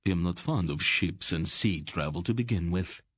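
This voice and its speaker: A man's voice: deep voice, normal speed, fairly bright tone, slightly rough, no room sound. A man reading an audiobook, voicing a wry, sardonic male thief uneasy about sea travel. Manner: wry, dry. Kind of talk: audiobook character voice.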